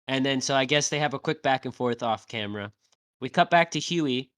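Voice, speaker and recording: A man co-hosting a podcast, recapping a TV episode in a casual, animated way, swearing often and tagging "right?" onto his sentences. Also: mid-range voice, a little fast. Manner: animated, swears a lot, acts out quotes; tag questions like "right?". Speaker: podcast co-host.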